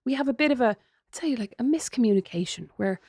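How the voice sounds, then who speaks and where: A woman in her thirties with an Irish accent co-hosting a casual podcast chat with her sister, an animated storyteller who does voices. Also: fairly high pitch, fast, breathy edge, no room sound, studio quality. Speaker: podcast co-host.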